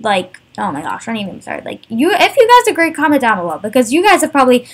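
A woman's voice: sits high, very animated. A young woman vlogging casually over a game, ranting in an exasperated way, full of "like" and fillers. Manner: exasperated, fast, filler-heavy with many "like"s. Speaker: gaming vlogger.

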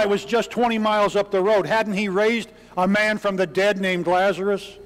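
A man preaching a sermon in a church, telling the story dramatically and crying out the lines of the people in it. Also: high voice. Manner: dramatic storytelling preacher who acts out cries. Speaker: pastor. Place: church sanctuary. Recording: long hall reverb.

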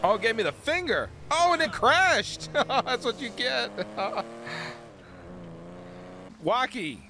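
A man streaming a game live, excitable and full of swearing and sudden yelps. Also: very high-pitched, takes it slowly, music in the background. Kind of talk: live gameplay commentary.

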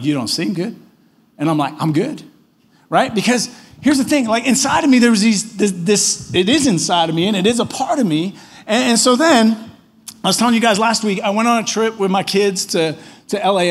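A man's voice: high-pitched, a little fast. A man preaching a conversational sermon as pastor in church, telling stories casually and often tagging on questions. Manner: casual storytelling, frequent tag questions.

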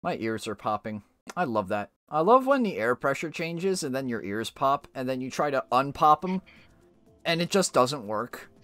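A man's voice: medium pitch, big pitch swings, normal speed, a bit bright, no room sound, studio quality, faint music behind. A man streaming a game, chatting casually and rambling through explanations. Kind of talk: casual chat while gaming.

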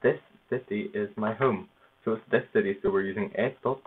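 A man casually narrating his own language practice, halting over foreign words and laughing at himself. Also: fairly low pitch. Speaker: language learner. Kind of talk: casual self-narrated study session. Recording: tinny phone-like noisy recording.

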